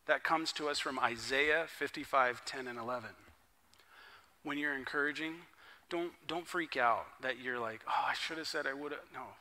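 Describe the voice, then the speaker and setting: A man preaching a conversational sermon at a church worship service, an excitable and enthusiastic storyteller. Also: medium pitch, moderate pace. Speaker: pastor.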